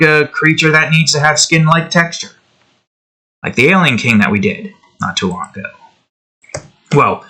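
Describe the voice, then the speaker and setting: Bright-voiced man rambling while he draws. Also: medium pitch. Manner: rambling and chatty, with many fillers and asides. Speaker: digital artist and channel host. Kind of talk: casual rambling commentary while drawing. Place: at home indoors, with his cat nearby.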